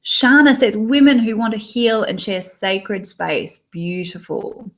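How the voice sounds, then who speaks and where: A woman in her thirties with an Australian accent leads a live online training for tarot readers, reading viewers' chat comments aloud in an upbeat, encouraging way. Her mid-range voice is slow, with lively intonation.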